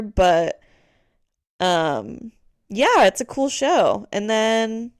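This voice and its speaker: A woman's voice: medium pitch, smooth, dry recording, clean studio sound. A woman co-hosting a podcast, chatting casually with lots of fillers and the odd swear word. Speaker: podcast co-host. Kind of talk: casual chat.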